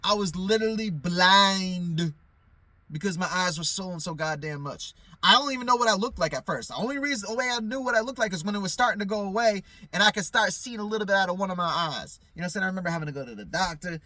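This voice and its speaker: A man's voice: high voice, expressive, rapid-fire, few pauses, sharp tone, no echo. A man talking in a loose, profane, rambling vlog monologue, often stammering and restarting. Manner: profane, loose, repeats "you know what I'm saying"; loses his train of thought, stammers restarts. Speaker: vlogger.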